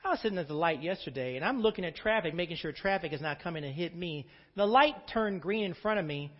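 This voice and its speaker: Male pastor delivering a lively sermon, swinging pitch, recorded dull and muffled in a church. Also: fast, big-room sound. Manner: preacher's call-and-response.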